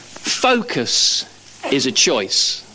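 A man gives a sermon as a pastor, extremely slowly. Animated throughout, he alternates loud, emphatic statements with low, quiet ones.

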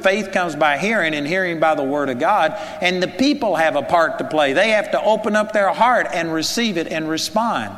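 The preacher's voice is high and fairly bright, echoing with long hall reverb. Earnest and conversational, he keeps putting rhetorical questions to those listening.

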